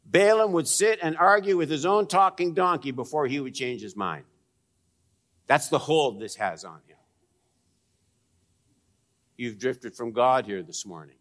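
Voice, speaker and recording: A man preaching a sermon, swinging between raised emphasis and hushed, low asides, and putting direct questions to his listeners. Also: expressive, measured pace, pauses often. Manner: direct, probing questions to the congregation. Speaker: pastor.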